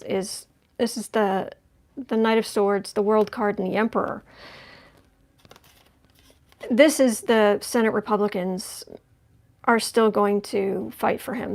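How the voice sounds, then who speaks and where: A woman reading tarot cards on a livestream, thinking aloud in a conversational way as she turns each card. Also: mid-range voice. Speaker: tarot reader.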